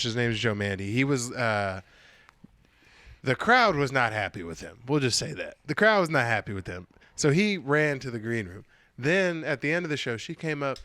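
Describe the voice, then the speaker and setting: A man's voice: medium pitch, dry recording. A man co-hosting a casual podcast, swearing and telling stories about his family at a comedy show. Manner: swearing, storytelling, animated quoted voices. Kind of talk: casual chat.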